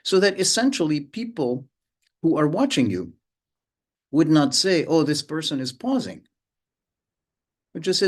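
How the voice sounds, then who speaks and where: A man teaching a mindfulness lesson, speaking slowly with frequent pauses and sometimes humming or sounding out rhythms. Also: fairly high pitch, very animated. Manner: unhurried, pauses often, hums and vocalizes rhythms to illustrate. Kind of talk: slow, reflective lesson.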